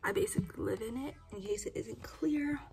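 A woman's voice: on the high side, brisk, vocal fry. A young woman, a student, chatting in a casual cooking vlog, mostly whispering in her home kitchen late at night. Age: young adult. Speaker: student vlogger.

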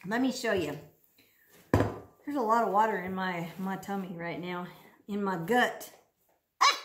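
At a measured pace and medium pitch, a woman speech therapist leads children through a practice lesson at home. Her sing-song teacher voice is playful and exaggerated, captured in an echoey room with background noise.

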